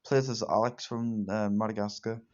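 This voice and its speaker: A man's voice: fairly low pitch, steady tone, moderate pace, background noise. A teenage boy, reviewing a movie in rambling, repetitive fan talk. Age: teens. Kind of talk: casual solo movie review. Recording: dull lo-fi home recording.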